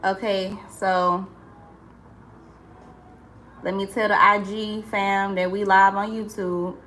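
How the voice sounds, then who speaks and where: A woman's voice: mid-range voice, flat delivery, slow, a bit bright, slight background noise. A woman chatting casually on a livestream, greeting viewers by name and calling them y'all. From St. Louis. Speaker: livestream host and entrepreneur.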